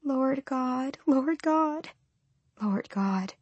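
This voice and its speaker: A woman voices an anguished mother in an audiobook, her cries raw and pleading. The voice sits a bit low for a woman. The sound is dry and close to the mic. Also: moderate pace, breathy edge, no echo, muffled recording. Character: anguished mother torn and sobbing.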